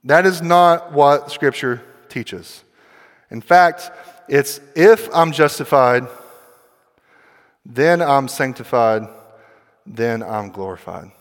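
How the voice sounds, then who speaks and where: A man preaching a sermon as a pastor, emphatic and full of rhetorical questions, rising to loud stretches. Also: medium pitch, slow, pauses often. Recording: long hall reverb.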